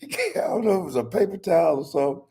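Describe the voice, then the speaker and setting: A man's voice: high-pitched, big pitch swings, fast talker, gravelly, dark tone, a little hiss or hum. An older man hosting a podcast, telling stories in a casual, profane way and laughing often. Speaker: podcast host. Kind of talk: casual storytelling chat.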